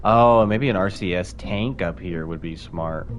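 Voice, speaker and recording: A man's voice: low voice, measured pace, highs cut off. A man casually commenting while he plays a game on a live stream, rambling and playful, with asides to his chat. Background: faint music.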